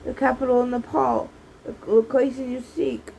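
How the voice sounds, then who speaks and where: Shrill old hag sisters shriek and squabble over each other, as a woman voices them in an audiobook. Their voices jump way up high. The recording carries a faint hiss. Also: little pitch movement, normal speed, vocal fry, dark tone, highs cut off. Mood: bickering. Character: three shrieking bickering old female hags.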